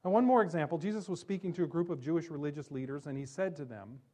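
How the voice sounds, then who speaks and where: A pastor preaching a sermon, emphatic, slowing down on key phrases and dropping low and soft when he quotes scripture.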